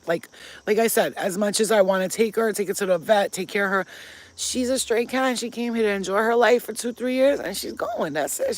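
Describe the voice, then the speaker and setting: A woman vlogger telling stories to camera in a blunt, profane way, breaking off to talk baby talk to her pets. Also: mid-range voice. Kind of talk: casual storytelling to camera.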